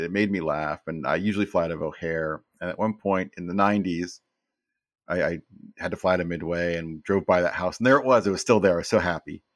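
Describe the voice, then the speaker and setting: This podcast guest, a man in his fifties, wanders casually through his stories and tends to repeat words at the start of sentences. His voice is low-pitched, captured in clean studio sound without echo.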